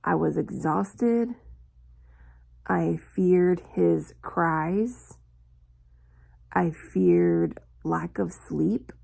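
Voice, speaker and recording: A woman in her thirties telling a personal story in a confessional vlog, slowly and reflectively, with long pauses. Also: lowish voice, vocal fry, dark tone. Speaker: vlogger.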